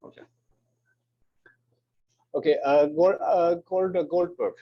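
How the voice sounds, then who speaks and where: In a dull, lo-fi classroom recording, a university lecturer with an Austrian German accent takes questions and calls the roll. His fairly high voice stays fairly even and moves slowly, and he sounds hesitant and apologetic, often repeating words.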